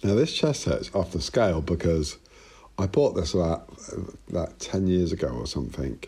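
Guest: low, husky man with a lively, up-and-down delivery, talking loosely on a video call. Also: moderate pace. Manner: rambling, self-interrupting, swears freely. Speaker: interview guest. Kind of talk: casual video-call interview.

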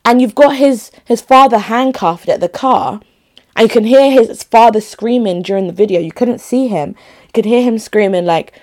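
A young adult woman vlogger talks casually to camera in a darkish voice on the high side, at normal speed. She's emphatic with her viewers and often restarts her phrases.

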